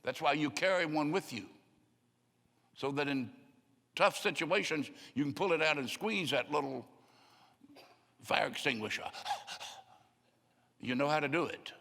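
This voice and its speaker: A man's voice: fairly high pitch, unhurried, vocal fry, long pauses, bright, forceful tone. An older man preaching a sermon in a folksy storytelling way, often acting out the voices of people he quotes. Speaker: pastor. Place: church sanctuary. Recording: long hall reverb.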